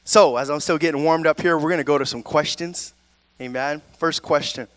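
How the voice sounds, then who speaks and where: Man, preaching sermon, high-pitched voice, dry recording. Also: steady tone, brisk, no echo. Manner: preaching with call-and-response "amen?" and "right?". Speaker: pastor.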